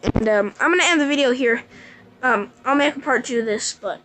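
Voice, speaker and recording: A woman's voice: high-pitched, fairly quick, fairly bright tone, soft background music, poor audio. A woman vlogger telling a rambling personal story casually, full of "like". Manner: rambling, breathless retelling with many likes. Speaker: gaming vlogger.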